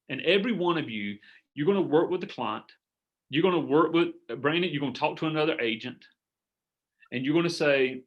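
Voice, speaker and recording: A middle-aged man coaching a group over a video call, earnest and animated, acting out sample sales conversations. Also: a little high, quick pace, dull audio. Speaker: business coach. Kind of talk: coaching workshop talk.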